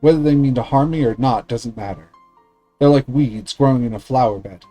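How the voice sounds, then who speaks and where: A man streamer reading a visual novel aloud in a steady, earnest way with small slips. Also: mid-range voice, brisk, soft background music, rough recording.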